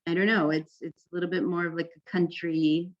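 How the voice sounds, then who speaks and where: Low-voiced woman teaching informally. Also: flat delivery, lo-fi sound. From California, US. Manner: conversational, frequent "right?" and "um", deliberately informal. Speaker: peer educator workshop presenter.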